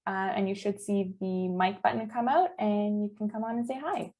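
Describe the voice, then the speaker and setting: A woman's voice: mid-range voice, moderate pace, mellow. A woman moderating a webinar, helpful and matter-of-fact as she brings people in to talk.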